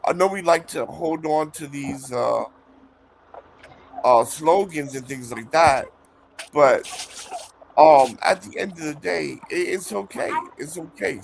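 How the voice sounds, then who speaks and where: Hoarse tired guy on a live panel, gravelly fry, lil hiss behind him, keeps restarting. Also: on the high side, animated. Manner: halting, repeats words, cuts in to keep order. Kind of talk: live online debate.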